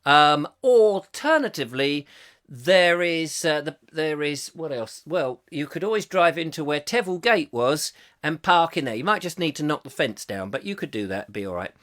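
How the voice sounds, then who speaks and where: A man's voice: on the high side, animated, normal speed, fairly bright tone. A middle-aged man hosting a comic live chat show, reading viewer comments aloud and rambling jokily between them. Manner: jokey and rambling, puts on silly voices.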